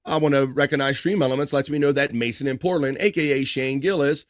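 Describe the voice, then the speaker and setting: A man's voice: medium pitch, steady tone, fast talker, background noise. A man hosting a casual live stream, reading viewer comments aloud and bantering with his chat. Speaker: livestream host reading chat. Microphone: studio microphone.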